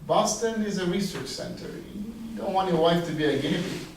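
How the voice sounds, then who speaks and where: A rabbi giving a storytelling sermon, a man who acts out the quoted dialogue with big leaps in pitch. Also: normal speed, a little hiss or hum. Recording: echoey room, voice heard from a distance.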